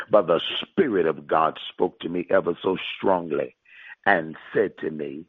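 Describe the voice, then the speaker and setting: A man's voice: low voice, measured pace, husky, no room sound. A male pastor preaching and prophesying to listeners on a conference call, emphatic and repetitive, drawing out key phrases. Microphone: phone line. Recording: tinny phone line.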